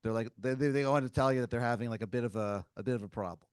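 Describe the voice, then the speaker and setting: A man hosting a comedy podcast, improvising a story in a rambling, halting way with many fillers and giggles. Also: medium pitch, darkish tone, clear, resonant tone, no echo, studio quality. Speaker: podcast host.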